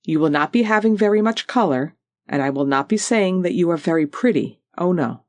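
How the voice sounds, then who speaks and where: An audiobook narrator voicing a proud, tall old Highland widow with a Scottish Highland accent and a rich, powerful, lilting voice. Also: expressive, fairly quick, dry recording, natural voice. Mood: firm. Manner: stately, lilting, repeats "oh yes".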